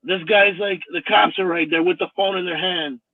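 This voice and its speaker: Forties male caller, profane and pushy, fairly high voice, dry tinny phone sound. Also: steady tone, moderate pace, no echo. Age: 40s. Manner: profane, insistent. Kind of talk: casual storytelling.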